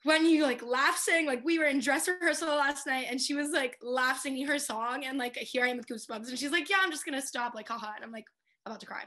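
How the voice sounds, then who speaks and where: A young woman in her twenties delivers a heartfelt tribute, her voice high-pitched and bright. She is crying, and her speech keeps breaking into laughter and filler words as she tries to hold it together. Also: fairly even intonation, a little fast. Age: 20s. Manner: tearful, laughing through words, many "like" fillers. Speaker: a cappella group member giving a senior tribute.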